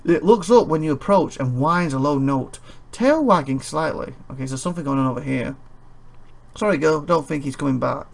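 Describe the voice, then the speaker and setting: A man's voice: a little high, normal speed, gravelly. A tired man playing a game and reading its text aloud, with rambling commentary and chuckling asides. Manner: rambling, chuckling asides between read-out passages. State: tired and yawning. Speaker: let's play host.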